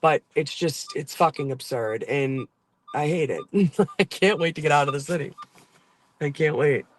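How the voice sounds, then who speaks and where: A man's voice: fairly high pitch, measured pace, a little hiss or hum. A man from Boston hosting his channel, chatting casually from inside a car in a loose, rambling way full of fillers and swearing. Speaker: channel host. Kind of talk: casual driving vlog chat.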